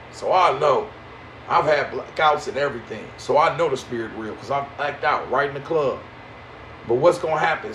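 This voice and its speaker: A spiritual teacher with a fairly high voice preaches to a live audience in slang. He swings between loud outbursts and low, mocking asides, with a faint hum of ambience behind him.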